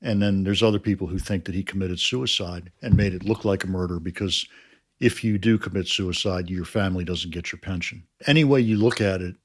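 A man who helped make a crime series, answering interview questions in a measured, explanatory way that often trails off quietly. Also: deep voice.

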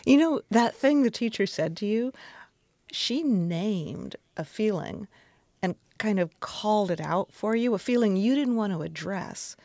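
A woman's voice: mid-range voice, animated, measured pace, a little mellow, no echo. A woman interviewing a guest, asking probing, thoughtful questions.

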